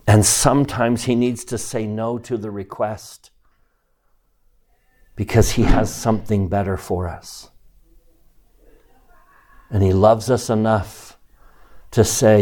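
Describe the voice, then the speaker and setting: An older man from Canada, a church leader, tells a personal story in a sermon with an earnest, measured delivery and deliberate pauses. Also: lowish voice, steady tone, mellow.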